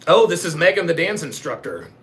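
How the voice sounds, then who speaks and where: A man hosts a live reaction stream and reads out chat as he goes. His voice sits high and sounds bright and forceful. He jokes crudely and breaks into laughter often. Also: a little fast. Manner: crude joking, laughs often, animated exclamations. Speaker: host of a dating-show reaction stream. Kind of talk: live reaction commentary reading chat aloud.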